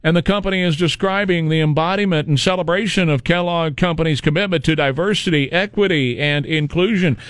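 Guy doing a snarky commentary rant, kinda high voice, dry close mic, lots of mocking questions. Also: fairly quick, hardly any pauses, no echo. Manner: sarcastic, mocking, rhetorical questions. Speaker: political commentary host. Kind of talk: opinionated monologue.

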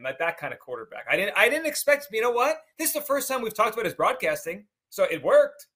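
A man co-hosting sports talk with a bright, forward voice, chatty and opinionated. His pitch sits a little higher than most men's. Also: sing-song, fast, few pauses.

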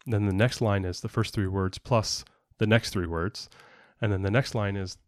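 A man's voice: on the low side, steady tone, normal speed, no echo. A man co-hosting a casual podcast, explaining at length in a rambling way with frequent fillers and restarts. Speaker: podcast co-host and parent.

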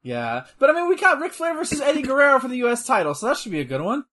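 Brief: excitable male co-host, husky voice, bouncy lively delivery, swears freely. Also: very high voice, very fast. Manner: excitable, swears and exclaims at the action. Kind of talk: casual watch-along chat.

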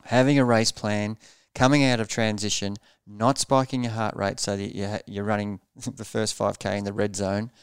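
A man's voice: fairly low pitch, little pitch movement, normal speed, clean tone, no echo, studio quality. A man coaching triathletes in a podcast interview, explaining pace earnestly and repeating words as he thinks.

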